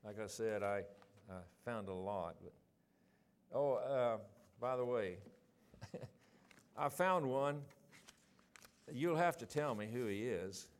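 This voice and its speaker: An older man leading an informal group Bible study, rambling with many ums and restarts and reading quotations slowly. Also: mid-range voice, expressive, clear, resonant tone.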